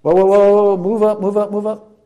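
A man's voice: high-pitched, flat delivery, brisk, narrow, tinny audio. A man preaching in a church, leading a Passover demonstration and joking playfully with volunteers. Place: church sanctuary.

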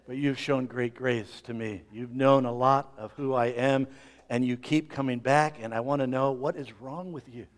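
A middle-aged man preaching a sermon as pastor, swinging between loud emphasis and quiet asides. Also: mid-range voice, fairly even intonation, moderate pace.

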